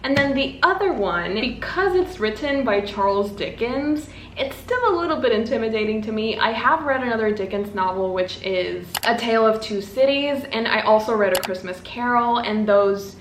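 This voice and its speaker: A woman's voice: a little high, expressive, moderate pace, few pauses, slight background noise. A young woman chatting casually in a book vlog, bubbly and self-mocking with dramatic asides. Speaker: booktuber. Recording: echoey room with faint ambience.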